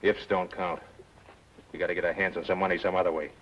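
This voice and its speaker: An actor playing a scheming outlaw with dry, sardonic talk, from a muffled old TV soundtrack. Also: male voice, low-pitched, flat delivery, fast. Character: cool, scheming male outlaw. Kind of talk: 1950s TV western acting.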